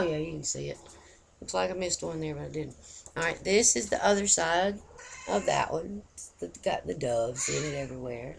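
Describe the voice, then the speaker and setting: A woman's voice: sits low, gravelly, a little hiss or hum. A woman, chatting casually and folksily to camera in a rambling way. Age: 50s. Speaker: vlogger.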